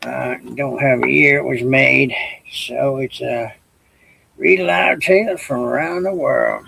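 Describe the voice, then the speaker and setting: A man's voice: medium pitch, unhurried, vocal fry, pushed and bright, breathy edge. An older man reading a children's story aloud as a grandfather, with folksy, chatty asides.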